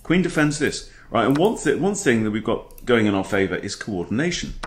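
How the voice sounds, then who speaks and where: A man's voice: mid-range voice, big pitch swings, fairly quick, a little hiss or hum. A man coaching chess, talking through a game in a playful, chatty way. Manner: playful, chatty, throws in silly impressions. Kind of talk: casual game commentary.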